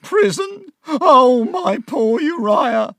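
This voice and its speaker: A man voicing a fussy, pleading old mother in a shrill, strained falsetto. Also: sing-song, slow pace, fairly bright tone, dry recording, heavily acted. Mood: wailing.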